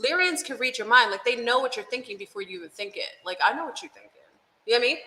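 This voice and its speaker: A woman's voice: on the high side, animated, rapid-fire, sharp tone. A woman guest in a casual spiritual chat, talking in an earnest, enthusiastic way. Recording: echoey room with long reverb.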